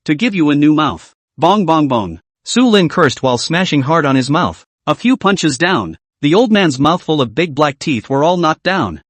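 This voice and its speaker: Lively, dry-voiced male recap narrator. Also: on the high side, dry recording. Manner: reads every character's lines in his own voice, stilted wording. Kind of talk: scripted story narration.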